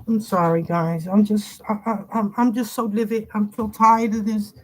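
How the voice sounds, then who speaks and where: A woman's voice: mid-range voice, fairly even intonation, moderate pace, hardly any pauses, slight background noise. A middle-aged woman livestreaming from home, agitated and rambling, often restarting her sentences. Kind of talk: casual livestream talk.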